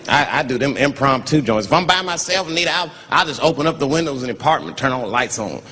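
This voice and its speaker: A man doing a stand-up comedy routine on stage, telling animated stories and jumping into loud, high voices for the people in them. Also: fast talker, big-room sound. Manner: animated storytelling with shouted, high put-on voices. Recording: live stand-up with noisy crowd ambience. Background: audience laughter.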